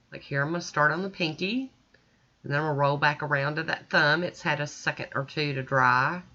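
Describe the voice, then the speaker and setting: A chatty woman talks through her nail art in a folksy, self-deprecating way. Her voice is bright and forward. The recording sounds a little dull and lo-fi. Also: low voice. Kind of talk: casual tutorial narration. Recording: slightly dull lo-fi audio.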